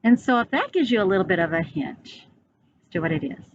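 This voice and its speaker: A woman teacher reading a picture book aloud to children, pausing to ask them questions. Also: medium pitch. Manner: slow, animated, asking children questions. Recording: dull, slightly noisy recording.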